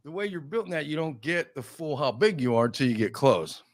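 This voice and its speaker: A middle-aged man with a fairly high voice hosts a talk show, briskly telling stories in casual chat, acting out quotes in character and laughing a lot. It's a dry, studio-quality recording.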